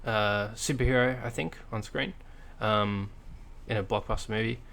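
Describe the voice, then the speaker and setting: A man with a fairly low voice co-hosts a casual podcast chat. He talks in a blunt, dry, sarcastic way and swears freely. He rambles, often restarting his sentences and filling gaps with ums and likes. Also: steady tone, moderate pace, creaky, fairly bright tone. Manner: rambling and hesitant, full of fillers and restarts. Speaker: podcast co-host.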